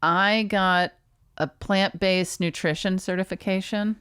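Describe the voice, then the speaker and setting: Hiccupping woman telling a dry, halting story. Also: mid-range voice, fairly even intonation, a bit bright, clean tone, no echo. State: has the hiccups. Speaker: podcast co-host, comedian. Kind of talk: casual storytelling chat.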